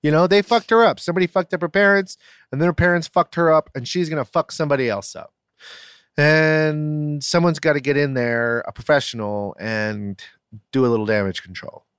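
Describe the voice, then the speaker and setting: A man's voice: a little high, a little fast, clean tone, no room sound, clean studio sound. A man co-hosting a casual talk show, joking and ranting with lots of swearing. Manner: animated, profane, jokey rants. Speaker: podcast co-host. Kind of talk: casual chat.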